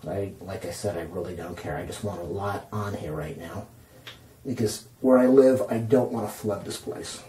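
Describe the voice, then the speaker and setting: Filming himself on a handheld camcorder in a bathroom, a home repair vlogger talks through a casual how-to job with his hands busy. His warm, mellow, low voice moves at normal speed as he rambles, backtracks and chuckles at himself. The room echoes heavily, and there's a little hiss or hum.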